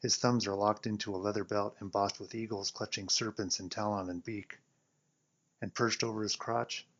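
A man's voice: on the low side, flat delivery, moderate pace, a bit bright. A man reading a first-person story aloud in a wry, sardonic narrating manner, on a dull lo-fi recording.

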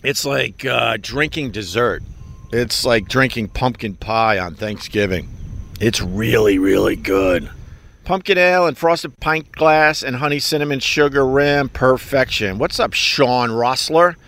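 A man's voice: medium pitch, unhurried, a bit bright. A man hosting a podcast, talking in a rambling, profane and self-mocking solo monologue. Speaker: podcast host.

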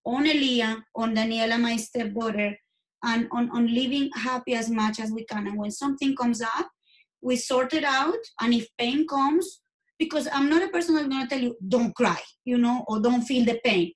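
A fairly high-voiced woman speaking English as a second language. She talks earnestly and candidly as an interview guest, halting and restarting her sentences as she goes. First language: not English.

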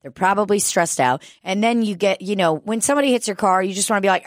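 A woman's voice: medium pitch, fast talker, hardly any pauses, no room sound, clean studio sound. A woman telling a story in casual chat, swearing freely and acting it out with energy. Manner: profane, animated storyteller.

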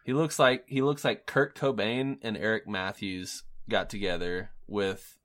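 A man's voice: lowish voice, fairly even intonation, measured pace, a bit bright. A man co-hosting a podcast, bantering in a teasing, joking way with frequent fillers. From Missouri. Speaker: podcast co-host. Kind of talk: casual chat.

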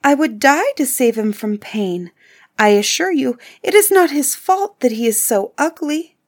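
A woman's voice: sits high, animated, unhurried, pitched above the performer's own voice. Brief: woman voicing an earnest young heroine in a storybook, raised and emphatic. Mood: earnest, pleading. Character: young woman Beauty, earnest and warm-hearted.

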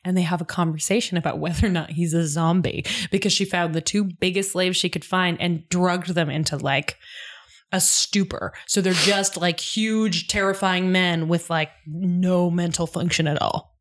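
A woman co-hosting a casual recap chat, animated, acting out characters' lines and laughing often. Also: on the low side, normal speed. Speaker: podcast co-host.

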